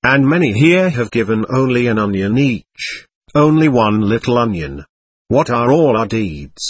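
A man reading the part of a gentle, joyful old male monk elder, speaking softly and tenderly. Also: mid-range voice, very animated, measured pace, slightly rough. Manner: soft, tender, warm-hearted speech.

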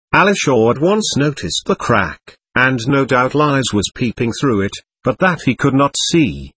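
A man narrating an audiobook in an expressive reading style. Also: mid-range voice, slightly rough, no echo. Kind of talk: scripted narration.

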